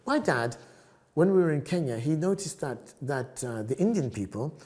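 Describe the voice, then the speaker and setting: An older man from South Africa, a photographer telling stories as a podcast guest, lively and often laughing. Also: on the high side, moderate pace. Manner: animated, acts out other people's voices, laughs often. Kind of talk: storytelling podcast interview.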